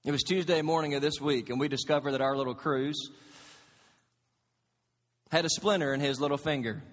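A man, around his thirties, preaching a sermon as pastor in a church, telling stories and moving between hushed moments and loud, emphatic ones. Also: on the high side, fairly even intonation, a little fast, big-room sound. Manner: storytelling preacher, swings from quiet to loud. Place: church sanctuary.

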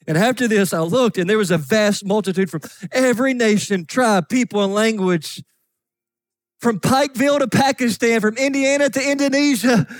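A man preaching a sermon as pastor, reading scripture aloud with fervent emphasis that rises to shouts. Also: very high voice, no echo. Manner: fervent, rising to shouts on key points.

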